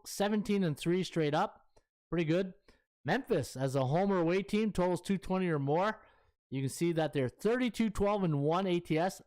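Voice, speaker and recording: A man's voice: fairly high pitch, darkish tone. A middle-aged man, a sports betting handicapper chatting casually on a live stream and thinking aloud as he scrolls through stats.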